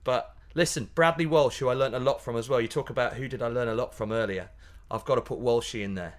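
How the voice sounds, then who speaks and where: A man, a pantomime comedian chatting as a guest in a casual interview, animated and laughing, often restarting his sentences. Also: mid-range voice, fast. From Yorkshire, England.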